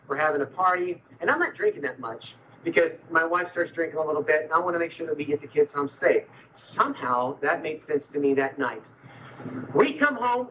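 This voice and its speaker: A man's voice: on the high side, pushed and bright, slight background noise, low-quality recording. A man telling his recovery story to an audience with self-mocking humor, retelling scenes and quoting people as he goes.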